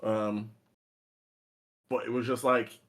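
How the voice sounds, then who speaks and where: A man co-hosting a podcast, talking in a laid-back, halting way with laughs. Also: lowish voice, flat delivery. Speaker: podcast co-host. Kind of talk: casual chat.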